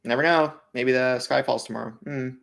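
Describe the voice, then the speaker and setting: A man's voice: medium pitch, steady tone, fairly quick, vocal fry, fairly bright tone. A man co-hosting a casual podcast, teasing and joking with his co-hosts. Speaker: podcast co-host.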